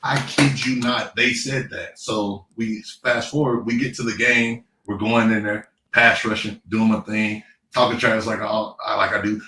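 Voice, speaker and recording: Animated storytelling man in an echoey room. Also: on the low side, normal speed. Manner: animated, laughing storyteller, playful trash talk. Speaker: guest, former pro football player. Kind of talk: casual interview storytelling. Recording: echoey room, distant mic, faint noise.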